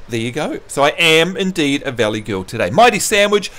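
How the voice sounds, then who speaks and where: A man from New Zealand hosts a casual gaming livestream, chatty and jokey with frequent laughs. His voice sits a little high and swings widely in pitch. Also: big pitch swings, fairly quick, hardly any pauses, bright, forceful tone. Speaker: livestream host.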